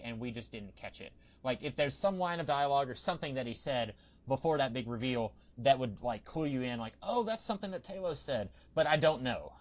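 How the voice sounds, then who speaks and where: A young man hosting a podcast, chatting casually and rambling with many restarts. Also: mid-range voice. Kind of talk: casual chat. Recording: dull lo-fi podcast audio.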